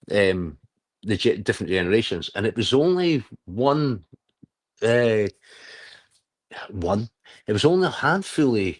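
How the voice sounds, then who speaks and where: A middle-aged man, hosting a casual livestream chat, rambling, swearing and laughing often. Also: lowish voice. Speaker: livestream host.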